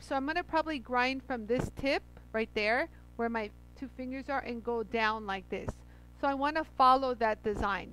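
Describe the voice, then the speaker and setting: A woman's voice: sits high, fairly bright tone, smooth, poor audio. A woman hosting a casual livestream, chatty and effusive, greeting viewers by name as she demos grinding a stone. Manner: laughs often. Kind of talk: casual livestream chat and demo.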